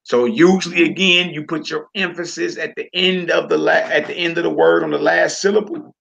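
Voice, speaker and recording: Gravelly man teaching a casual lesson. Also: on the high side, steady tone, fairly bright tone, muffled recording. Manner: repeats and slowly drawls each word. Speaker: Hebrew teacher.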